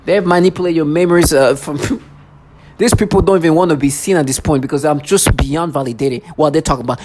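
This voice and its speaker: A vlogger in an intense, repetitive personal monologue who keeps mimicking other people in a lower voice. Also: fast talker, darkish tone, faint music behind.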